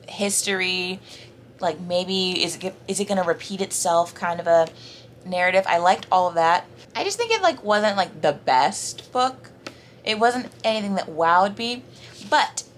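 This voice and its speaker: A woman's voice: medium pitch, a little hiss or hum. A young woman from the American South chatting casually in a reading vlog, rambling with lots of fillers. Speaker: book vlogger.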